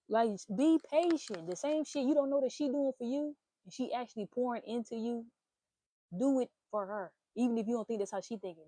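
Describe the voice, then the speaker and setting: A young woman hosting a casual talk stream, giving blunt, profane relationship advice in an animated rant. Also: fairly high pitch, a little fast, no echo. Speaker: host.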